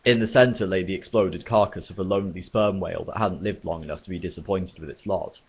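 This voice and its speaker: Deep, husky male storyteller, steady read, dull lo-fi recording. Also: quick pace. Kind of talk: reading a novel aloud.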